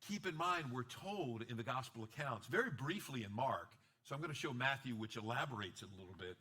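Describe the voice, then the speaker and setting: A man pastor preaching a sermon with an animated style, acting out quotes and joking with the congregation, swinging between quiet asides and loud bursts. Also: medium pitch, fairly quick.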